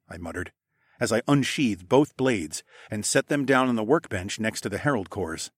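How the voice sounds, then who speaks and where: A man narrating a fantasy audiobook in a first-person voice, putting on higher voices for the characters. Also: normal speed, no room sound, clean studio sound. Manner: voices characters with raised pitch. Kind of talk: scripted narration.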